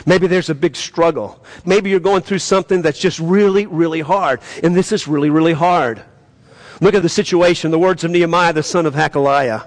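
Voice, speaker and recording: High-voiced impassioned male preacher. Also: fairly even intonation, a little fast, few pauses. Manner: impassioned preaching, rising in pitch and volume when reading prayers; addresses the congregation with direct questions. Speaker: pastor. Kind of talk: sermon.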